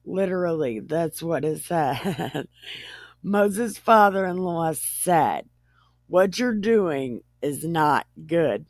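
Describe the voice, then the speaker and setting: A woman's voice: lowish voice, expressive, slow, a little mellow, no echo. A woman reading the Bible aloud in an irreverent comedic way, giggling and stumbling over words. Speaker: Bible reader.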